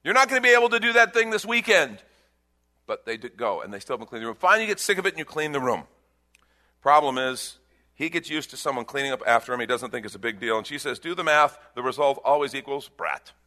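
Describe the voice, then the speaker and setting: A man preaching a sermon as pastor, animated, acting out little voices. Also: medium pitch, fast.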